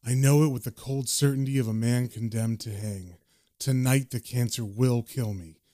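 A man voicing a dying, cynical male occult con man in a low, subdued, world-weary tone. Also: fairly even intonation, moderate pace, mellow, no room sound, studio quality, close to an everyday voice. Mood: grim.

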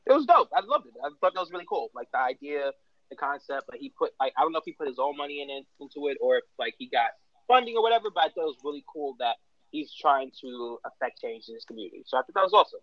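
Animated casual man, slightly high voice. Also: fast talker, no room sound. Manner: animated, laughs often, lots of fillers. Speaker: podcast co-host. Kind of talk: casual sports chat. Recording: dull, dry sound.

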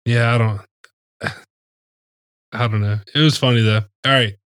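A man's voice: medium pitch, steady tone, measured pace, fairly bright tone, clear, resonant tone, dry recording. Joking man in a dry room. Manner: joking, rambling, many fillers. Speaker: podcast co-host. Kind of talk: casual sports chat.

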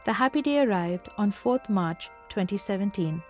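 A woman reading a scripted narration in an even, measured way. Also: mid-range voice, muffled recording, faint music behind.

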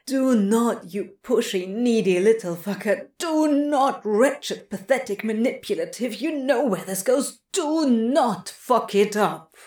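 A woman's voice: fairly high pitch, animated, slow pace, hardly any pauses, a little mellow. Woman reading as Crowley, blunt and swearing. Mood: self-scolding. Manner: blunt, swears a lot, scolds himself. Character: wry guarded young-adult man, self-mocking. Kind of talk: audiobook reading of fiction.

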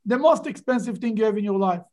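A man's voice: sits high, animated, fast, a little mellow. Man, Bible class teacher, emphatic, rhetorical questions. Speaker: rabbi teaching a Torah class.

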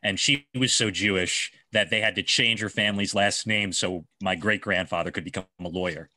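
A man's voice: low voice, moderate pace, dry recording, clean studio sound. A man co-hosting a casual comedy podcast, crude and joking as he tells family stories. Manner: crude, joking, animated storytelling.

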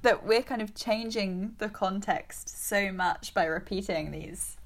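A young woman from the south of England with a southern English accent, chatting casually as a podcast co-host, full of fillers and quick to laugh. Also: mid-range voice. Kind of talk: casual chat.

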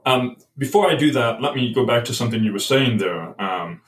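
A man's voice: medium pitch, lively intonation, fairly quick, distant mic, a little hiss or hum, low-quality recording. A man explaining ideas in a podcast conversation as the guest author, thoughtful and hesitant, often restarting his sentences.

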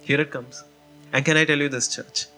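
A man preaching a sermon as pastor, telling a personal story in an animated way with lots of "you know" and "man". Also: fairly high pitch, normal speed, faint music behind.

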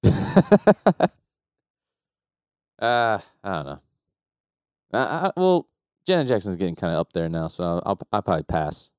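A man's voice: deep voice, lively intonation, unhurried, pauses often, darkish tone, clean tone, no room sound, studio quality. A man co-hosting a podcast in casual chat, laid-back and cursing freely. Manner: laid-back, swears freely, laughs often. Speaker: podcast co-host.

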